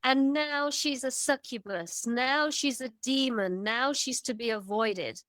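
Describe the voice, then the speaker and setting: A woman guest on a podcast who tells stories with energy, piling up vivid emphatic lists. Her voice sits slightly high. The sound is close and dry. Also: unhurried, fairly bright tone, no echo. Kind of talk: casual storytelling conversation.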